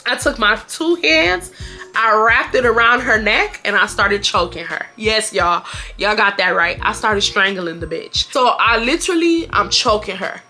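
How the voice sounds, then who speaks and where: Woman in her twenties, emphatic casual storyteller, bright, soft music behind. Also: medium pitch, a little slow. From Houston, Texas. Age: 20s. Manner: animated, emphatic, repeats herself for effect. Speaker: vlogger.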